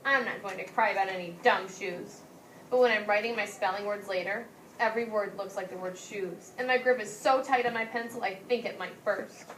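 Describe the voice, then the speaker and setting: A woman's voice: mid-range voice, brisk, a little hiss or hum. A woman teaching a class, explaining questions and reading a storybook aloud, acting out the lines. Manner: animated storybook reading with voiced characters. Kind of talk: classroom lesson with read-aloud. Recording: echoey classroom from far off.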